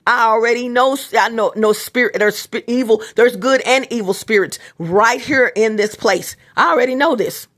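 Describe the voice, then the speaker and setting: Few pauses break up this middle-aged vlogger's moderate-paced talk, delivered in a somewhat high, slightly bright voice. Her casual monologue rambles and repeats, with frequent restarts, aimed straight at her viewers.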